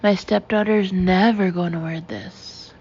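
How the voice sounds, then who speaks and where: Impulsive shopper, read by a woman; emphatic and eager, warm tone. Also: lowish voice, steady tone, unhurried, muffled recording, a little hiss or hum. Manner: emphatic, enthusiastic.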